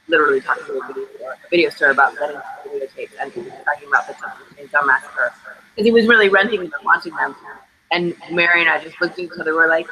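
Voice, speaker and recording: A woman's voice: sits low, sharp tone, a little hiss or hum, rough recording. A woman screenwriter answering interview questions over a video call, talking candidly in a chatty, storytelling way. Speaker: screenwriter guest.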